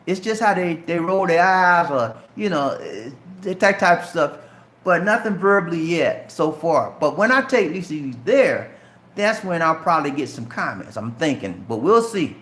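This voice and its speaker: Man, light Southern accent, casual live-stream chat, high voice, roomy echo. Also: lively intonation, normal speed, a bit bright. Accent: Southern US, light Geechee. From Charleston, South Carolina. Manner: chatty, addresses viewers directly as man and bro. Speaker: channel host answering viewer questions.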